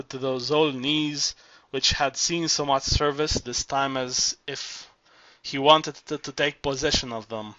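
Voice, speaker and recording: A male audiobook narrator reads at a measured pace, stumbling now and then and starting over. His voice is bright and forward. The recording is dry and somewhat dull. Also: medium pitch, dry recording. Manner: measured reading with small stumbles and restarts. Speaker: audiobook reader.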